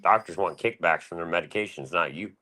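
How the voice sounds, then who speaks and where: A man's voice: low-pitched, brisk, sharp tone. A man around forty talking in a loose, rambling, profane way on a casual chat stream. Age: 40s. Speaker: panel guest.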